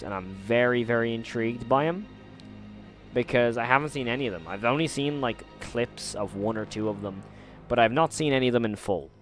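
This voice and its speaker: A man's voice: on the low side, a bit bright. A man streaming live, chatting casually to his viewers with slangy, rambling talk and frequent laughter.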